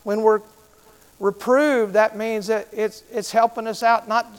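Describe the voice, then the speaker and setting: A man's voice: high-pitched, level tone, measured pace, clean tone. A middle-aged man preaching a sermon as pastor, who asks the congregation questions and repeats key phrases.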